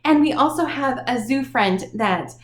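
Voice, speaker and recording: A woman teaching young children in a lively, sing-song manner, encouraging them and talking straight to them. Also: high voice, a little slow, reverberant. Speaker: preschool teacher. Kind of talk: children's lesson.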